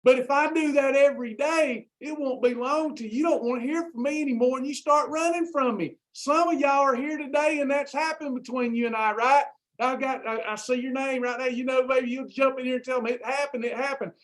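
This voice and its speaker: Fired-up high-voiced man. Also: fairly even intonation, a little fast, few pauses. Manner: fired-up, preachy, repeats phrases. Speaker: host of a weight loss program. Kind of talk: Christian motivational livestream talk.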